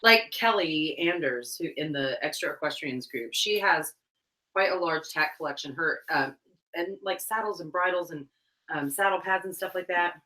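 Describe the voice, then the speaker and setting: A young woman co-hosting a casual livestream chat, rambling and giggling, getting loud and excited as she tells stories. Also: sits low, normal speed, recorded from a distance. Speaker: livestream co-host. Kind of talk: casual chat while cleaning tack. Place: room at home. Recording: roomy echo.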